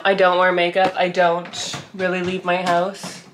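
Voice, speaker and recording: A woman's voice: on the low side, monotone, a little slow, background noise. A young woman from Canada in casual vlog chat, talking about her teaching week from her bedroom, playful and chatty, often slipping into put-on accents. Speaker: vlogger and writing teacher. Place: bedroom at home.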